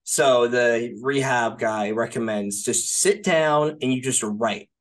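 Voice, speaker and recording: A man's voice: medium pitch, takes it slowly. A man co-hosting a podcast, talking casually about a film in a rambling way, filling his speech with "like" and "right?" and swearing now and then. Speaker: podcast co-host.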